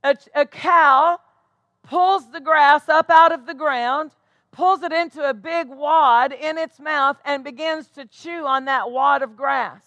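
A woman's voice: high voice, fairly even intonation, slow pace, pushed and bright, dry recording. A woman pastor preaching a sermon, emphatic and calling out rhetorical questions to her congregation.

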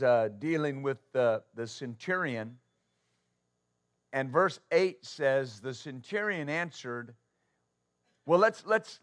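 A man preaching a sermon as pastor, asking rhetorical questions and building to loud, stressed points. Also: medium pitch. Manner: halting with uh fillers when starting.

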